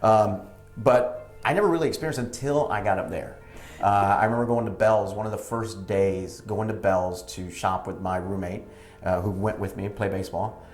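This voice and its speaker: Comedian guy telling stories, kinda low voice, roomy echo, little music behind. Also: normal speed, darkish tone. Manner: wisecracking, acts out quoted people. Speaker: comedian and actor guest. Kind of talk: casual storytelling interview.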